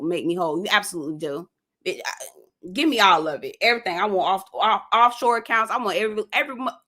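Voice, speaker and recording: A woman hosting a live gossip stream, talking in an animated, sassy way straight to her viewers and reading out their comments. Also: mid-range voice. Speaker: host of a live gossip show.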